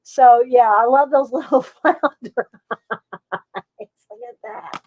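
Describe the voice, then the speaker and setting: A woman chats her way through an art supply haul on a home live stream, rambling, full of fillers and small laughs. Her voice sits a bit high, and the sound is close and dry, with no room around it. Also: slow, no echo, narrow, tinny audio. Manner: chatty, rambling, reads viewer comments aloud; frequent fillers and little laughs. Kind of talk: casual live-stream chat.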